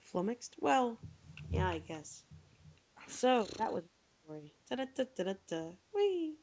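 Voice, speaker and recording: A woman's voice: lowish voice, slow pace, slight background noise. Rambling woman telling a store story. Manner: rambling, animated storytelling with many fillers. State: tired. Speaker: podcast co-host. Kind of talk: casual storytelling chat. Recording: dull lo-fi podcast audio.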